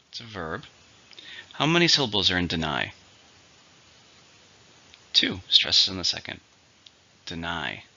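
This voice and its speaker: A man works through an English vocabulary lesson step by step, explaining syllables, stress and example sentences. Though somewhat low, his voice comes across as very bright and tense, with lively, wide-ranging pitch, on a dull, lo-fi recording.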